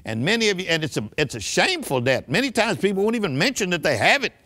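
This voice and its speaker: Older man, preacher, emphatic sermon delivery, call-and-response, slightly high voice. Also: very animated, fast, sharp tone.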